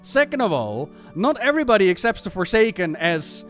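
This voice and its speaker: A man streamer chatting casually about game lore in an animated, ranting and profane way. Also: high-pitched, a little fast, hardly any pauses, faint music behind.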